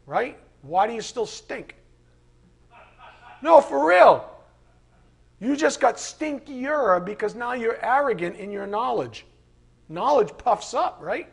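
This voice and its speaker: A male preacher with a high, husky voice that swings widely in pitch. He preaches emphatically, jumping from loud rebukes to low, mocking asides. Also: big pitch swings, slow, long pauses. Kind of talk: sermon.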